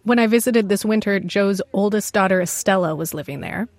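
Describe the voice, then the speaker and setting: A woman reporter narrating a scripted radio news feature in a measured storytelling way. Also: mid-range voice, no echo.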